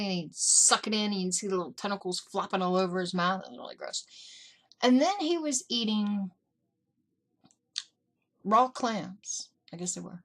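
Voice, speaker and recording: A middle-aged woman vlogger telling family stories in a casual, animated way, acting out what her relatives said. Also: mid-range voice. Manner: animated, acts out family members in quotes. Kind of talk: casual storytelling. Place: indoors.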